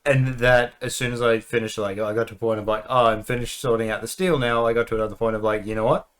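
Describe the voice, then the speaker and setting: A man's voice: medium pitch, fairly even intonation, quick pace. A man co-hosting a casual podcast, mostly agreeing and laughing, good-naturedly defending his own play. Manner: easygoing, short agreeing replies, defends himself good-naturedly. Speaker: podcast co-host. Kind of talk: casual chat.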